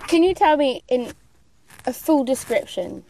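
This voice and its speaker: A woman's voice: sits high, lively intonation, measured pace, warm tone. A woman on the diary room speaker, teasing a housemate bluntly in casual chat. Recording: echoey with noticeable noise.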